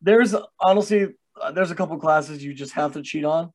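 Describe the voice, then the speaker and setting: A young man hosting a podcast in a loose, casual way. He swears freely and laughs at himself, and his voice sits a little higher than most men's. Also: moderate pace. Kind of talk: casual chat.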